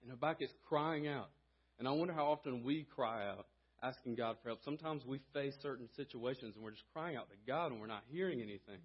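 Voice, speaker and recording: Man, preacher, sermon, earnest, husky voice, mid pitch. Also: a little fast, lo-fi sound. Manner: earnest, rising in volume when reading and exhorting. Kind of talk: sermon with scripture reading and prayer. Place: church sanctuary.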